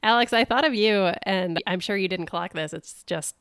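This woman co-hosts a podcast, recapping an episode in casual chat and laughing often. Her mid-range voice is fairly bright, clear and resonant, at a moderate pace, with clean studio sound and no room echo.

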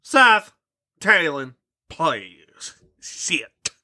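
A man's voice: a little high, big pitch swings, very slow, bright, forceful tone, pitched below the performer's own voice, exaggerated voice. A man voicing a pompous vampire lord father in a comic story reading, overblown and theatrical. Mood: grandiose. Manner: overblown, theatrical, laughing through lines.

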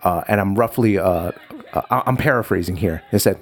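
A man's voice: sits low, brisk. A man telling a story in casual chat, restarting often and acting out the voices in it. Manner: animated, lots of restarts, acts out voices.

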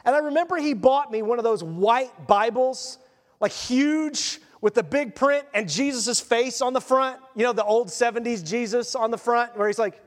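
A man preaching a sermon as pastor, conversational and animated, firing off sarcastic rhetorical questions. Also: extremely high pitch, moderate pace. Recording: long reverb of a church hall.

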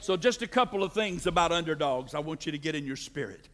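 A male pastor preaching a sermon, building to shouted climaxes and calling for responses from the congregation. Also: on the high side, animated, fast talker, big-room sound, soft background music.

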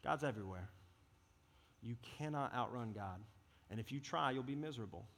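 A man's voice: mid-range voice, expressive, normal speed, fairly bright tone. A man preaching a sermon as a youth pastor, earnest and impassioned in a conversational way. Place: church service hall. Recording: reverberant hall.

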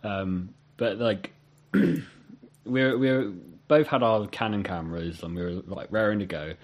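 A man in his twenties telling a story in casual chat, giggly and animated. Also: lowish voice, measured pace. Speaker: guest.

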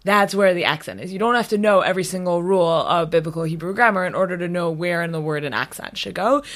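A woman's voice: lowish voice, quick pace. A woman co-hosting a podcast, chiming in to clarify points for listeners. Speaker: co-host. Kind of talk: casual podcast chat.

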